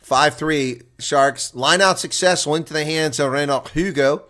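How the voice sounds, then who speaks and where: Man, rugby play-by-play commentator, live reaction stream, bright forceful voice, slightly high, desk mic at home. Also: normal speed. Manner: excitable, rising to near shouting on attacking plays.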